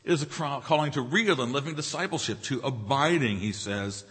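Bright-voiced preacher in an echoing hall. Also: male voice, mid-range voice, a little fast. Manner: emphatic preaching with repeated phrases and rhetorical questions. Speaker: pastor. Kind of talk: sermon. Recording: reverberant hall.

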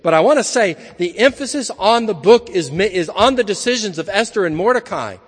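A man's voice: high voice, expressive, fairly quick, breathy edge, in a large hall. A man preaching an evening sermon in an earnest, emphatic manner, building his points through repeated phrases.

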